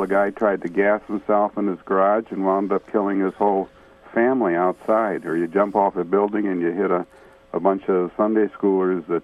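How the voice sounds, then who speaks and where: A man calling in to a radio show, making his point in an earnest, plain-spoken way. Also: on the low side. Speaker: caller. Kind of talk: phone-in comment. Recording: tinny phone line.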